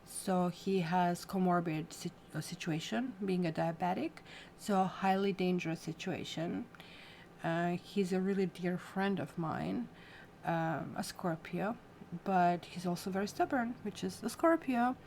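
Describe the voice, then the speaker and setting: A woman's voice: on the low side, a little hiss or hum. A woman hosting a casual livestream tarot reading. She talks in a chatty, rambling way, speaks straight to her viewers and reacts to their comments. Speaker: tarot reader.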